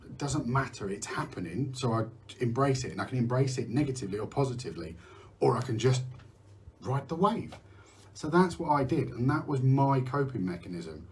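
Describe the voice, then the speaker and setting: A man's voice: mid-range voice, animated, brisk, a little hiss or hum. A middle-aged man from the UK hosting a candid live talk about mental health, rambling, restarting sentences and swearing now and then. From United Kingdom. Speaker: host.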